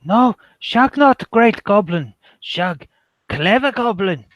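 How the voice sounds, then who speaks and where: A man's voice: high-pitched, lively intonation, slow, fairly bright tone, dry recording, voice pushed up, exaggerated voice. A man voicing a small, clever male goblin who speaks in broken phrases about himself. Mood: indignant.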